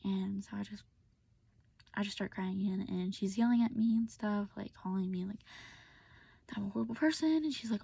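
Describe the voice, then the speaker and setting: A woman's voice: medium pitch, moderate pace, gravelly, long pauses, warm tone, husky, no echo. A young woman telling a personal story in a rambling, casual way with lots of filler words, often half-whispered, recorded on a phone. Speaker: vlogger.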